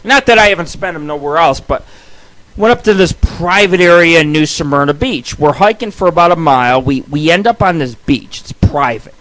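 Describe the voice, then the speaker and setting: High, bright, foul-mouthed man telling stories. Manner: crude, rambling, heavy swearing. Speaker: radio show host. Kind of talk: profane storytelling monologue.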